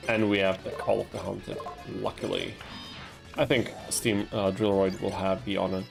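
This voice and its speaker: A man's voice: low voice, little pitch movement, normal speed, creaky, music in the background. A young man from Austria chatting casually while streaming a card game, laughing at himself and yelping at his mistakes. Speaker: gaming streamer. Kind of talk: casual gameplay commentary with chat.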